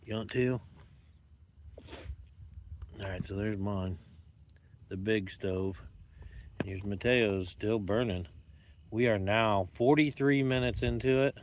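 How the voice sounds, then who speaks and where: A man's voice: on the low side, steady tone, unhurried, long pauses, a little hiss or hum. Playful rambling man vlogging outdoors. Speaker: YouTube vlogger. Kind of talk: casual joking vlog talk. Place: outdoors at dusk with dogs around.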